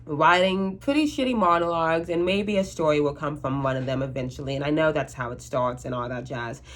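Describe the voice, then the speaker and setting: A woman's voice: low voice, fairly quick. A woman in her twenties talking to camera in a rambling, anxious casual monologue, with frank swearing and many restarts. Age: 20s. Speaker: vlogger.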